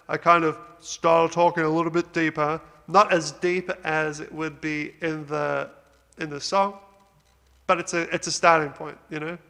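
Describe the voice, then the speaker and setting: Upbeat bright-voiced man explaining music. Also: fairly high pitch, clean tone, big-room sound. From Australia. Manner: upbeat, rambling with fillers. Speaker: music producer, channel host. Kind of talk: casual video walkthrough.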